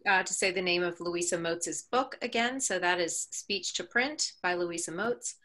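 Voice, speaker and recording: Woman moderator reading audience questions on a webinar. Brisk, bright and forceful. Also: fairly low pitch.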